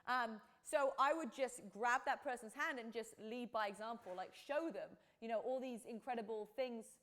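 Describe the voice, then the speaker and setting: A young adult woman with a slightly high voice hosts a live podcast call. She talks in a loose, chatty way, full of "like" and "um". Her delivery is casual storytelling. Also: normal speed, a bit bright. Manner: chatty, with many likes and ums. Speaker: podcast host.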